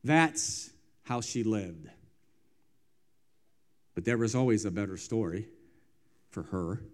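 A man preaching a sermon as pastor, moving between loud, emphatic lines and quiet, hushed ones, with drawn-out phrasing and repeated refrains. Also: fairly low pitch.

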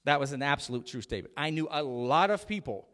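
A man's voice: on the high side, lively intonation, fast talker, a bit bright. A middle-aged male pastor preaching a chatty, joking sermon, calling out to his congregation. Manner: chatty, jokey preaching with audience call-outs. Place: church sanctuary. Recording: long hall reverb.

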